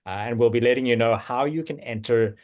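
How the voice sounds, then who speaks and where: A man hosting a casual livestream chat, halting and full of fillers and restarts. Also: medium pitch. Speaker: host.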